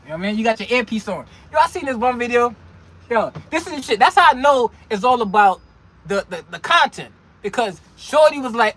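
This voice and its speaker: A man with a very high-pitched voice rants casually about trucking, full of slang and mocking jabs. He stumbles over words, restarting and repeating himself as he goes. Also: lively intonation, fairly quick, fairly bright tone. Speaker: truck driver vlogger. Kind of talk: casual ranting monologue.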